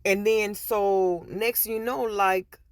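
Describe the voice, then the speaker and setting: A woman vlogger casually telling a personal story, animated and often restarting and repeating words, on a headset mic. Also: medium pitch, takes it slowly, a little hiss or hum.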